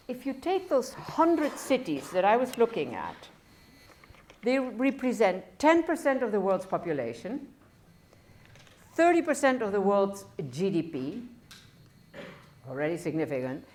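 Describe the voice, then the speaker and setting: Woman lecturing with a foreign accent. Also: on the high side. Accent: foreign accent in English. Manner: discursive, self-correcting, wry asides. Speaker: professor. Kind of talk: university lecture.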